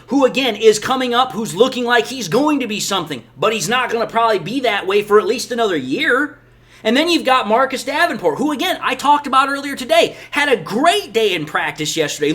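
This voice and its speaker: Animated, exasperated sports commentator. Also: mid-range voice. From Detroit area, USA. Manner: emphatic, exasperated ranting. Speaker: sports channel host. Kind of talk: opinion commentary on football.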